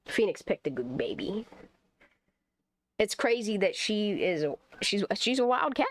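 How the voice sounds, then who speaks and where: A woman chatting casually at home while planning a garden, swearing freely and breaking into sweet high baby talk with her cat. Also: normal speed, a little hiss or hum. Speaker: channel host.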